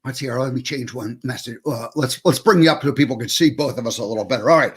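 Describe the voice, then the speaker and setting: A man's voice: mid-range voice, quick pace, hardly any pauses, slightly rough. A man hosting a casual online talk show over a video call, rambling loosely with plenty of fillers and restarts. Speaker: show host.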